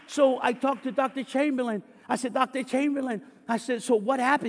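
A man's voice: extremely high pitch, steady tone, fairly quick, hardly any pauses. A man preaching a sermon, telling a story and reading scripture aloud with rising fervor. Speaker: pastor. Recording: echoey hall with long reverb.

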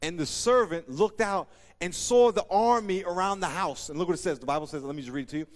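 A man preaching a sermon as pastor, animated, acting out scenes in voices and laughing often. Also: sits high, fast. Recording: long reverb of a large hall.

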